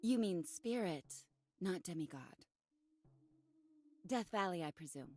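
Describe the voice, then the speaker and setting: A woman voicing a calm, composed female park spirit who speaks in a measured, cool way. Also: fairly low pitch. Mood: wry.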